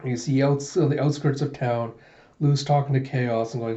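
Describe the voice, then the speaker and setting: A man casually reading through a comic, retelling each scene in a relaxed way with fillers. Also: medium pitch, moderate pace. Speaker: reader of a manga readthrough. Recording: dull lo-fi recording.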